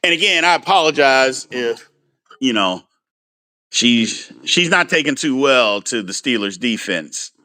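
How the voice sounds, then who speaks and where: A man hosting a casual sports livestream, animated and frustrated as he answers viewers' comments by name. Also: medium pitch, unhurried. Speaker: sports talk host.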